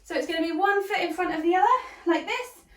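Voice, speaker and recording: A woman's voice: very high voice, steady tone, quick pace, echoey room, far from the mic. A woman leading a hoop workout, out of breath, cheering people on and counting down the reps. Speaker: fitness instructor. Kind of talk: workout instruction.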